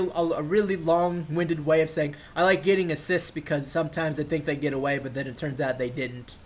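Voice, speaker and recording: A man giving casual, rambling commentary over his own gameplay footage, drifting into excitable tangents and swearing freely. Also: high-pitched.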